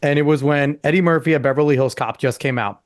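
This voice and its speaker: A man's voice: fairly high pitch, fast, no room sound, clean studio sound. A man hosting a podcast, chatting casually and telling family stories loosely, laughing at his own anecdotes. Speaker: podcast host.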